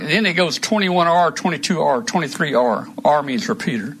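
A man's voice: fairly high pitch, lively intonation, moderate pace, few pauses, fairly bright tone, slightly rough. Rambling man on a hobby live stream. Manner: rambling, restarts often, trails off. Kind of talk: casual live stream chat.

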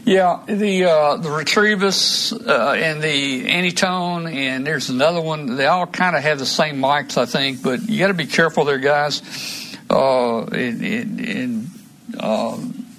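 A man's voice: a little high, measured pace, a bit bright. A man hosting a casual live stream, rambling through gear talk with many restarts. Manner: rambling, restarts often, trails off. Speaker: host of a radio hobby live stream.

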